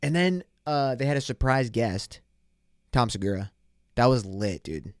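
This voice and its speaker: A man's voice: medium pitch, animated, unhurried, no room sound, clean studio sound. A young man hosting his own podcast, talking in a loose, profane, rambling way full of bro slang, acting out little scenes with cops. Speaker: podcast host. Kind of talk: casual solo podcast rant.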